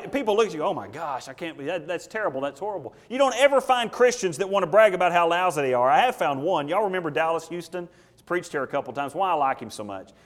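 A man's voice: a little high, big-room sound. A man preaching a sermon as pastor, folksy in his stories and emphatic when he drives a point home.

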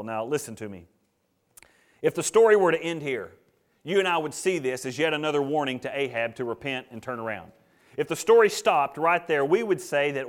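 A man preaching a sermon, acting out the characters' lines with swings between loud and hushed. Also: mid-range voice, expressive, brisk. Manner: dramatic, acts out the characters' lines. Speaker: pastor.

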